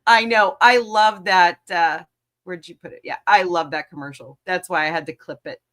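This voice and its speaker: A woman's voice: lowish voice, fairly even intonation, normal speed, fairly bright tone. A woman hosting a casual livestream talk show, joking around and greeting her viewers by name.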